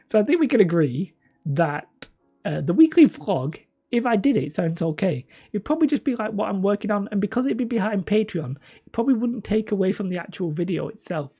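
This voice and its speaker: A man's voice: high-pitched, very animated, normal speed, mellow, husky. A man from northern England chatting casually with viewers as a hobby channel host, mumbly and a little whiny, rambling and self-mocking. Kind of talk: casual live-stream chat.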